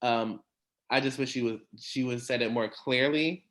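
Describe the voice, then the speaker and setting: A man hosting a casual recap chat, talking in a chatty, animated way with quick asides and laughs. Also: medium pitch. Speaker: podcast host.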